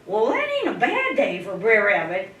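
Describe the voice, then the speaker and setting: A woman's voice: medium pitch, wildly swooping pitch, normal speed, a bit bright. A woman voicing a sneaky, clever male rabbit in a spoken folk tale, with a wary, sassy way of talking. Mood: suspicious. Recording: echoey room, distant mic, faint hiss.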